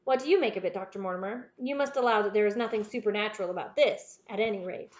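A woman voicing a keen, confident male detective who explains things in a crisp, measured way. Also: mid-range voice, muffled recording, lightly acted. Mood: assured.

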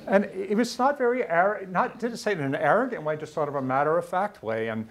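An author from Louisiana in the US South tells a personal story in a university lecture room, his voice sitting high and expressive with a little hiss or hum. He's earnest and halting, repeating words when moved.

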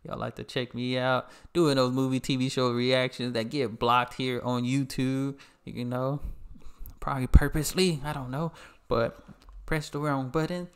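A man's voice: medium pitch, moderate pace, clean tone. A man from the United States, host of a reaction channel, chatting casually and repeating himself as he sums up and signs off. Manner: relaxed, rambling, repeats himself. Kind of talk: casual chat.

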